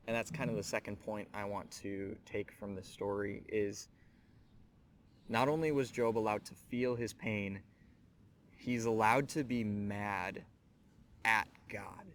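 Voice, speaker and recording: A man's voice: on the low side, steady tone, unhurried, a bit bright, a little hiss or hum. A man hosting a scripture teaching show, speaking earnestly and reflectively, addressing the listener directly. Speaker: host of a Bible teaching show.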